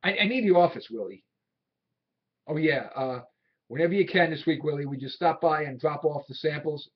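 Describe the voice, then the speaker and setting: An actor playing a young, brisk boss who talks in a clipped, evasive, softly dismissive way. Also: male voice, on the high side, breathy edge. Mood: uneasy. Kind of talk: film drama acting. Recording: dull old film soundtrack.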